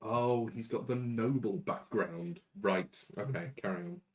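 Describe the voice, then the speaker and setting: A man's voice: fairly low pitch, measured pace. A man playing a tabletop game, chatting and joking with the table. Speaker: player. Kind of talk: casual tabletop play.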